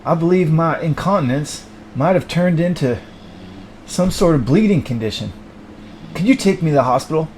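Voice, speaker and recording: A man voicing a meek, apologetic man who mumbles low and quiet. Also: animated, normal speed, background noise, natural voice. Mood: sheepish.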